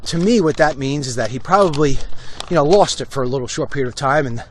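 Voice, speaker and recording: A middle-aged man with a mid-range voice talks fast, with a little hiss or hum in the audio. Hosting a walk-and-talk show, he rants bluntly about politics into a phone while walking outdoors down a residential street, in an opinionated live-stream monologue.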